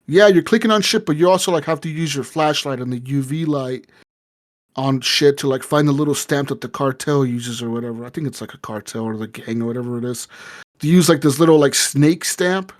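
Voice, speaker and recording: A man's voice: medium pitch, a little fast. A man hosting a casual gaming podcast, rambling through a story with lots of filler words and swearing. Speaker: podcast host.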